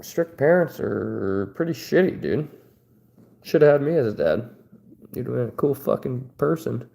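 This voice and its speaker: A man's voice: medium pitch, lively intonation, moderate pace, gravelly, dark tone. A man, likely in his thirties, hosting a casual livestream, reading chat aloud and trading loose, profane jokes with viewers. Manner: loose, joking, profane banter. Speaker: livestream host.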